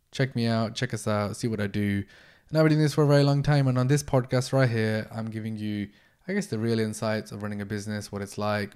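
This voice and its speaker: A man's voice: on the low side, clear, resonant tone. Blunt, swearing man hosting a podcast. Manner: blunt, swears freely, energetic. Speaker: podcast host, entrepreneur. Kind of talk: casual solo podcast monologue.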